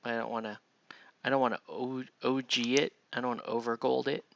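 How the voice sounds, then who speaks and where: A man's voice: medium pitch, steady tone, fairly quick, gravelly, lo-fi sound, a little hiss or hum. A man chatting casually on a live stream while he paints, murmuring half to himself and talking to viewers between brushstrokes.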